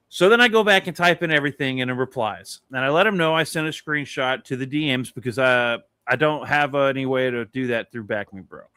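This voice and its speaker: A man's voice: mid-range voice, brisk, clear, resonant tone, dry recording, clean studio sound. A man co-hosting a casual talk show, telling a long story with a lot of swearing. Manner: animated, swearing, rambling anecdote. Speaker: podcast co-host.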